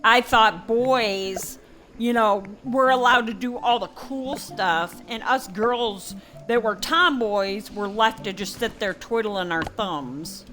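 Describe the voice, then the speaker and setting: Slow-talking chatty grandma gamer. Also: female voice, on the high side, a bit bright, slight background noise. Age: older. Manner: rambling, folksy, chatty with many fillers. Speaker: gaming channel host. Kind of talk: casual gameplay commentary with storytelling.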